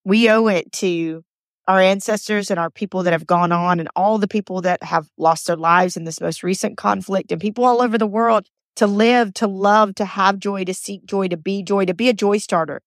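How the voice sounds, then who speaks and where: A woman's voice: medium pitch, steady tone, normal speed, no room sound, clean studio sound. A woman hosting a motivational podcast, telling personal stories in an earnest, chatty way and repeating phrases for emphasis. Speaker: podcast host.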